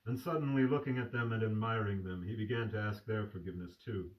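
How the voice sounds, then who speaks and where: A man reading a classic novel aloud as a storyteller, slow and full of feeling. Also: on the low side, steady tone. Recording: distant mic.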